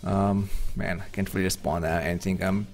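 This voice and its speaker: Speaking fairly quickly in a low, level, somewhat dark voice, this man streams himself playing online poker over soft background music. His live chat with viewers is loose and meandering, full of self-deprecation.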